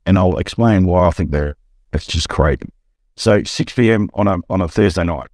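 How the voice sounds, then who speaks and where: A middle-aged Australian man, a buyer's agent, telling an animated anecdote on a podcast and acting out the quotes. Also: moderate pace, no echo, clean studio sound. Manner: storytelling, acts out quotes with rising pitch.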